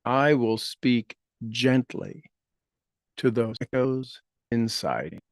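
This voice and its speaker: Slow, gentle man guiding a meditation. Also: medium pitch, animated, no room sound, studio quality. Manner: slow, gentle, repeats each affirmation in trailing soft phrases. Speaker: meditation leader. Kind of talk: guided meditation with spoken affirmations.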